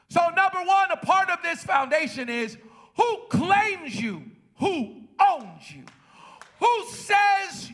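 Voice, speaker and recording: A pastor preaching a sermon to his congregation. He calls out to the crowd and builds up into shouts. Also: very high voice, very animated, takes it slowly. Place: church.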